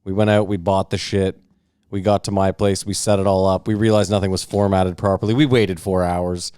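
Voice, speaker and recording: A man co-hosting a podcast, telling a long, profane, animated anecdote in casual chat. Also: low-pitched, fairly quick, clean tone, no echo, studio quality. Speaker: podcast co-host. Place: podcast recording setup.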